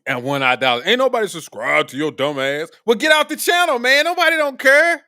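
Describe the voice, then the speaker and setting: A man's voice: very high voice, sing-song, fairly quick, bright, forceful tone, clear, resonant tone. A man hosting a live political commentary stream, talking in a blunt, profane, combative way. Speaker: streamer host.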